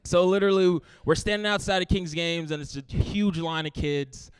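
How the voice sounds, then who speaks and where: A young man from Brooklyn telling a comic story from his childhood on stage, playful and lively, acting out his friends. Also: sits high, normal speed, clear, resonant tone, no echo. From Brooklyn, New York. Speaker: storyteller, comedian. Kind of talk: live comedic storytelling.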